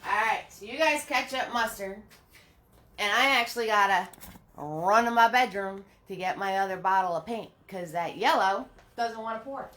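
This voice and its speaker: A woman's voice: mid-range voice, moderate pace, a bit bright, faint music behind. A woman hosting a live painting lesson from her home. She chats with viewers, greets them by name and laughs often. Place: home studio.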